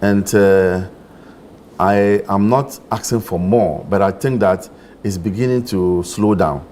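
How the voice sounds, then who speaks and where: A man's voice: sits low, slow, darkish tone, slight background noise. A man, a member of parliament, arguing insistently in a TV studio panel debate. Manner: insistent, argumentative.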